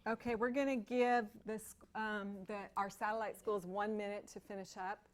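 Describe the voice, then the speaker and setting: A woman presenting a teacher training session, talking in a relaxed way with self-deprecating humor. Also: medium pitch, normal speed. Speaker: professional development presenter. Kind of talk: casual workshop presentation. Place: school meeting room.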